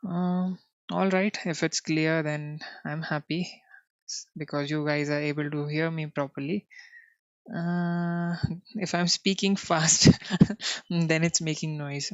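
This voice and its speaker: A man with an Indian English accent leads a live coding class in an unhurried, smooth voice, peppering his talk with "you know" and checking whether viewers can follow. The sound is dry and close, on a dull, lo-fi stream. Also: on the high side, level tone, no room sound. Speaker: coding instructor.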